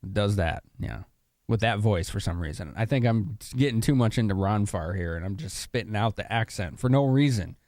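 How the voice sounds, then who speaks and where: A man's voice: lowish voice, animated, moderate pace, darkish tone, no echo, clean studio sound. A young man from Chicago streaming a game, chatting casually with viewers and laughing often. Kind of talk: casual live-stream commentary.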